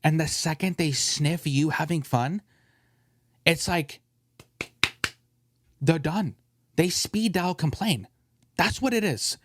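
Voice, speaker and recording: A man's voice: fairly high pitch, takes it slowly, long pauses. A man hosting a casual podcast, ranting and joking with his co-host, often mimicking other people's voices.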